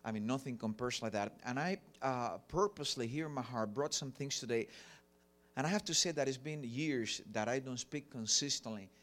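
A man's voice: mid-range voice, moderate pace, a bit bright. A middle-aged man from Cuba with a Cuban Spanish accent, preaching a sermon earnestly with many fillers. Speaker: pastor.

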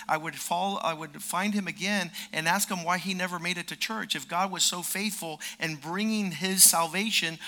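Man, 50s, preacher, storytelling sermon, high voice, gravelly, emphatic. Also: pushed and bright. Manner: storytelling, acts out quoted dialogue, rises to emphatic peaks. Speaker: preacher and lawyer.

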